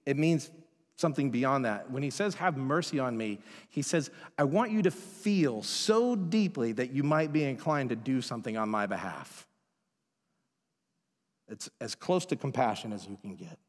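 A pastor preaches a casual, conversational sermon full of storytelling, acting out the voices of the people in his stories. His medium-pitched voice is animated at a moderate pace, with long hall reverb in the recording.

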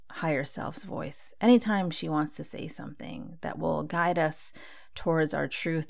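Woman with a gravelly low voice. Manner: conversational, acts out her own inner dialogue. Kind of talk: casual spiritual talk.

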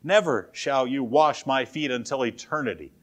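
A man's voice: mid-range voice, moderate pace, lightly acted. A man voicing an impulsive male disciple who protests in shock and disbelief. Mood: shocked, emphatic. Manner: emphatic, incredulous protest.

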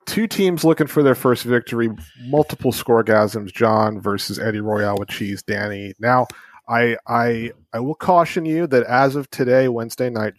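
A man's voice: mid-range voice, no room sound. A man hosting a casual sports podcast, talking in a laid-back, rambling way. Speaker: podcast host.

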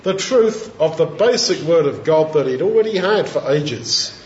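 A man giving an informal, reflective Bible teaching in a conversational way, pausing with fillers as he thinks. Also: a little high, lively intonation, darkish tone, slight background noise. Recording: roomy, dull lo-fi sound.

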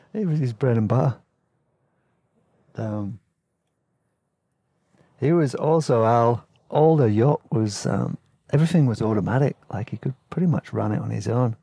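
A man rambles through a travel story in a relaxed, chatty way, full of slang and easy laughs. His voice is gravelly and mellow. It is recorded close up and dry on a podcast mic. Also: medium pitch, takes it slowly, pauses often, no echo. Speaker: podcast host telling travel stories. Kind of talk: casual storytelling.

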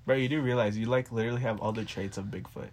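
A man's voice: mid-range voice, steady tone, fast talker, darkish tone. A young man co-hosting a casual podcast, needling and mocking his friend with repeated taunts. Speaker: podcast co-host. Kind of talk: casual banter between friends.

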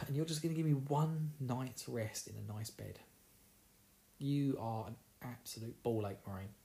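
A man's voice: lowish voice, a little mellow. A man with an Essex accent recapping a fantasy novel in casual chat, joking, laughing and acting out characters' lines. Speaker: book recapper.

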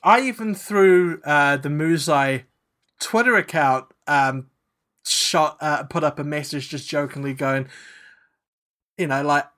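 Bright-voiced animated podcast guy. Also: a little high, unhurried. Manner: swearing, laughs a lot, animated storyteller. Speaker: podcast co-host. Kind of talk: casual chat.

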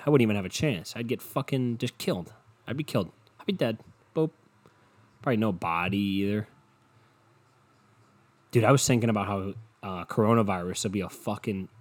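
A man hosting a solo podcast, rambling in a profane, deadpan way and sounding tired. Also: on the low side. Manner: profane, meandering and deadpan, with frequent swearing. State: tired and yawning. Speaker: podcast host.

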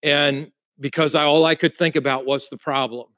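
A man preaching a sermon as a pastor, telling a personal story and swinging between loud emphasis and hushed, quiet moments. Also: fairly high pitch, fairly even intonation, moderate pace, no echo.

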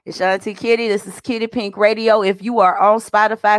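A woman's voice: medium pitch, flat delivery, fairly quick, clear, resonant tone, dry recording, studio quality. A woman hosting her own radio podcast, rambling and cursing in casual chat. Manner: rambling, profane, chatty. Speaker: radio show host.

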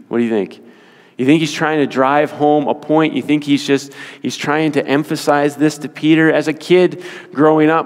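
Guy preaching in church, kinda high voice, big echoey hall, repeats stuff slow to drive it home. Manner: emphatic, repeats phrases slowly for weight. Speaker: pastor. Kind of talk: sermon. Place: church sanctuary. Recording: long hall reverb.

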